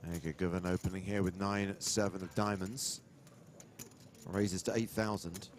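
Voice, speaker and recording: A man's voice: deep voice, fairly even intonation, normal speed, a little hiss or hum. A man commentating a live poker stream, calling the cards and reading promotions. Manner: calls cards crisply and reads promotions smoothly.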